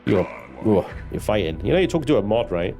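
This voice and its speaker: A man's voice: fairly low pitch, big pitch swings, fairly quick, warm tone, soft background music. A man streaming a space game live, chatting loosely with his viewers and swearing now and then. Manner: chatty, swearing, banters with chat. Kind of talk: live gameplay commentary.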